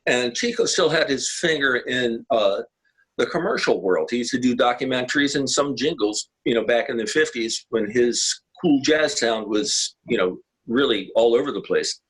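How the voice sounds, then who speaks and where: Husky older man telling rambling stories. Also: medium pitch, expressive, normal speed, fairly bright tone, low-quality recording. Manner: rambling, anecdotal, many restarts. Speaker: guest musician. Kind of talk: casual interview storytelling. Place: home, video call.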